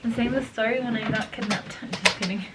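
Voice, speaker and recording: A woman's voice: on the high side, brisk, very noisy. A young woman telling a story in a casual, chatty way while doing her makeup, swearing freely and slipping in Spanish phrases. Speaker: beauty vlogger.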